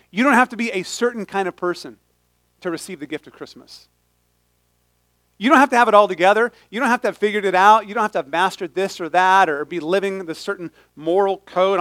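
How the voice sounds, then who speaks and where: A man with a fairly high voice preaches with lively humor. He often breaks off and restarts his sentences, and the recording is close and dry. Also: dry recording. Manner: animated, humorous, self-interrupting. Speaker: pastor. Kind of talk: sermon.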